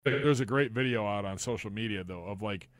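Relaxed male co-host telling stories. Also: lowish voice, fairly quick, dry recording, clean studio sound. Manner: relaxed storyteller, stumbles on first words. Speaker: sports podcast co-host. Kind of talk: casual sports chat.

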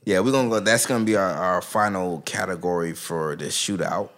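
A man's voice: deep voice, a little fast, a bit bright. A man co-hosting a podcast, talking in casual, slangy banter and laughing often. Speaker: podcast co-host.

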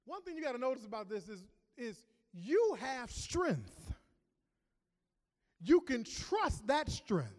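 A man preaching a sermon, emphatic, swinging from loud declarations to hushed asides. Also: very high-pitched, huge pitch swings, takes it slowly. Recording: long reverb of a large hall.

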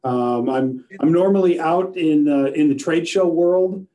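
A man with a fairly high but soft, mellow voice talks as a guest in a casual interview. He is friendly and easygoing and fills his sentences with lots of uh's. He is speaking from his office. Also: unhurried. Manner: friendly, filler-heavy with many uh's. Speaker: company sales manager, guest.

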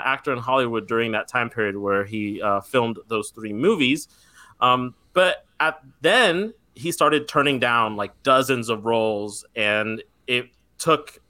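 Casting: male podcast host, bright dry tone, rambling, filler-heavy storytelling. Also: medium pitch, dry recording. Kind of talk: casual chat.

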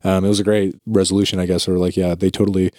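Relaxed low-voiced man in casual chat. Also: fast, no room sound, studio quality. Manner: rambling with many likes and restarts.

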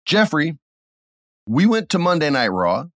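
A middle-aged man co-hosting a podcast, chatting casually and acting out his stories with sudden loud bursts. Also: a little high, unhurried, dry recording, clean studio sound. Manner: animated storyteller, acts out scenes with sudden loud bursts. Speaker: podcast co-host. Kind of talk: casual chat.

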